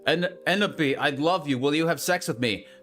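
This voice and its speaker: A man's voice: fairly high pitch, normal speed, a bit bright, faint music behind, pitched above the performer's own voice, close to an everyday voice. A man voicing a creepy, lovesick male henchman in a raised voice.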